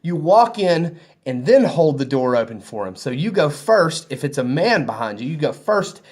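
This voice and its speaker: A man's voice: a little high, very animated, normal speed, darkish tone. A man from the American South with a Southern accent, telling a rambling, easygoing story to camera in a hotel room. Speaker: vlogger.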